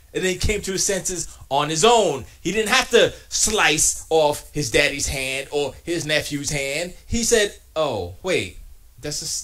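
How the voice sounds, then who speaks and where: Streamer, male, lively, swoops up and down, slangy trash talk, music behind. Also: high-pitched. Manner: animated, trash-talking, slangy. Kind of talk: casual live-stream chat while gaming.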